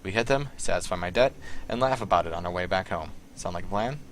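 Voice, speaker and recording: A man voicing a nervous, indebted male hacker with a put-on Southern accent, talking in halting, filler-heavy bursts. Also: deep voice, slight background noise, lightly acted. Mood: scheming.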